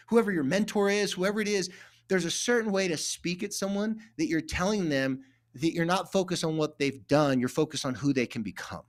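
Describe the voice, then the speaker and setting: Animated storytelling man, somewhat high voice. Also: fairly quick. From California. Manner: animated, acts out quoted dialogue. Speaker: therapist guest. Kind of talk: casual conversational storytelling.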